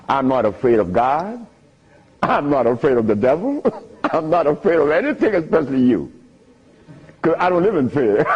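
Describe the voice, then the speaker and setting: An older man with a slightly high, husky voice talks to a crowd. His pitch swings widely as he tells stories and laughs between lines. The sound comes through a dull, lo-fi old recording. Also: moderate pace. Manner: animated, laughs often, sing-song emphasis. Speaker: speaker giving a talk. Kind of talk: storytelling lecture to an audience.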